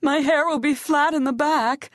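A woman's voice: high-pitched, fairly even intonation, moderate pace, no room sound, clean studio sound, voice pushed up, natural voice. Woman voicing a vain dying glamour queen.

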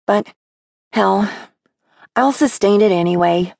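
A woman voicing a blunt, sharp-tongued seventeen-year-old girl in a brisk, scolding manner. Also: mid-range voice, creaky, no echo, studio quality, voice pushed up. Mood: wry.

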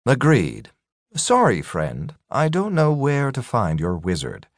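A man's voice: medium pitch, wildly swooping pitch, slow pace, no echo, clean studio sound, voice pushed up, full character voice. An audiobook narrator playing a stern male wizard who gives curt, commanding threats.

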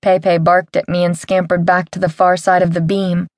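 A woman's voice: lowish voice, moderate pace, no room sound, studio quality. A woman narrating a first-person audiobook in a wry, comic storytelling manner. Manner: wry, comic storytelling with lively character voices.

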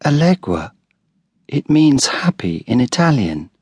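A man voicing a sweet, pale five-year-old ghostly girl who speaks softly and cannot say the letter R. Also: a little high, animated, takes it slowly, vocal fry, breathy edge, no echo, clean studio sound, voice pushed up, heavily acted. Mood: pleading.

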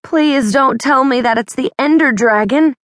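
A woman voicing an eager, upbeat young female treasure hunter with an excited delivery, pitched higher than her narration. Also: measured pace, no room sound, clean studio sound. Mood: urgent.

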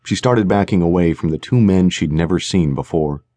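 A man narrating a suspense audiobook in a measured, tense manner. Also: low-pitched, dark tone, no room sound. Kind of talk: scripted narration. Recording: dry studio recording.

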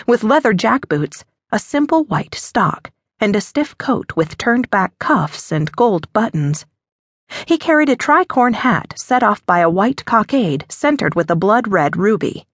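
A woman narrating a historical romance audiobook in an expressive storytelling manner. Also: mid-range voice, husky, dry recording, clean studio sound. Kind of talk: scripted narration.

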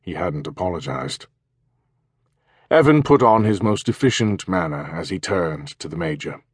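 A man narrating an audiobook in a measured, even reading. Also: sits low, breathy edge, no room sound, studio quality. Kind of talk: scripted narration.

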